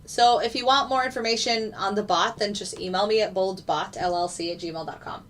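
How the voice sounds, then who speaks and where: A woman's voice: mid-range voice, moderate pace, fairly bright tone, a little hiss or hum. A woman hosting a casual live stream, chatting to viewers and talking through her trades. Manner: chatty, reads out chat and trades. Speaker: trading streamer.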